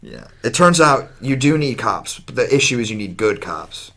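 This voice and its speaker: Male co-host, relaxed and crude humor, average pitch, casual banter. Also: moderate pace. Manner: laid-back, joking, crude. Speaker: podcast co-host. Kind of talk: casual chat.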